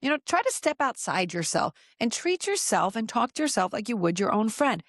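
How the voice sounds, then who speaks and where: A woman's voice: on the high side, very animated, fairly quick, a bit bright, dry recording, clean studio sound. A woman hosting a motivational podcast, talking to listeners in an encouraging, conversational way. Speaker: podcast host.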